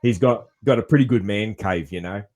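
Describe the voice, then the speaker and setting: An Australian-accented man hosts a podcast, spinning stories in a relaxed, meandering way during casual interview chat. His voice is lowish and darkish in tone, and he speaks briskly.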